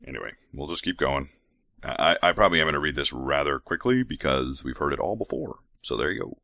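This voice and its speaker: A podcast host with a creaky, bright bass voice reads scripture aloud in a mock-solemn tone, fairly quickly and with lively intonation and forceful delivery. Between passages he breaks off for sarcastic, irreverent, mocking commentary, all in clean studio sound with no echo.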